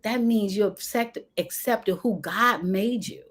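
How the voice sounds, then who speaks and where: Bouncy and expressive, a passionate woman hosts a motivational live, peppering everything with "y'all" and swinging her pitch up and down. She talks a little slowly, recorded on a phone or webcam.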